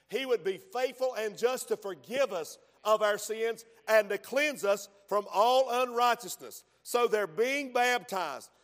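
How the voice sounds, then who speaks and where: A man's voice: very high-pitched, fairly bright tone, in a large hall. A man preaching a fervent sermon, punctuating his points with frequent amens.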